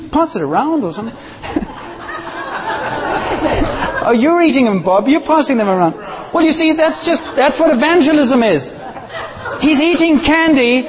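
High-voiced passionate male preacher. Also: long reverb tail, highs cut off. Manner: passionate, animated preaching with playful asides. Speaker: pastor. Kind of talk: sermon. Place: church.

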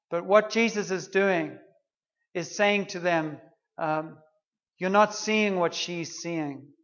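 A man's voice: a little high, muffled recording. A man preaching a sermon, retelling a story in an earnest, conversational way.

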